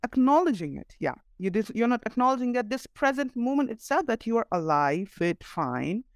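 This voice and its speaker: A podcast host asking questions and musing in a reflective, halting way with restarts. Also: medium pitch, sing-song, no echo, studio quality. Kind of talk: conversational interview.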